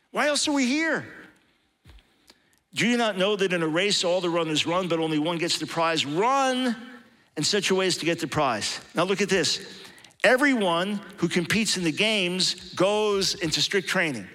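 A man's voice: sits high, pushed and bright. A man preaching a sermon in an impassioned, emphatic way, building to strong peaks.

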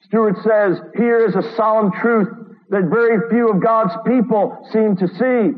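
A man's voice: high-pitched, unhurried. A man preaching a sermon in an earnest, urgent way, reading quotes aloud and adding sarcastic asides. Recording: tinny phone-like radio broadcast from a long-reverb hall.

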